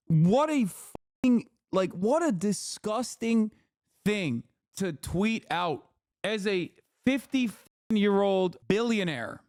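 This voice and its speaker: Angry high-voiced man ranting. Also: no room sound, clean studio sound. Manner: angry, profane ranting, fast and emphatic. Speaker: streamer. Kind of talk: live-stream commentary, reacting to posts.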